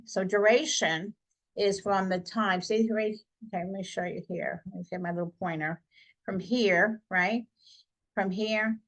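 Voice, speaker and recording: A woman nursing instructor talks a class through an exam review at a middle pitch. She keeps it conversational and checks in with her students by asking "okay?" again and again. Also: a bit bright, poor audio.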